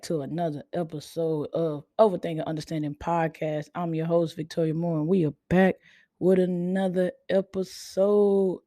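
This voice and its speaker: A woman podcast host chats casually in a near-monotone. Her voice is mellow and warm, and she sounds a little tired. The recording is dry and close, with no room echo. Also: fairly low pitch, normal speed. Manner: self-described monotone, laid-back delivery. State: tired, sleepy. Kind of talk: casual chat.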